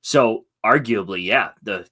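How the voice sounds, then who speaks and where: A man's voice: on the low side, measured pace, bright, forceful tone. A man co-hosting a sports podcast, rambling and hesitant, with many restarts. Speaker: podcast co-host. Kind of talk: casual sports podcast chat.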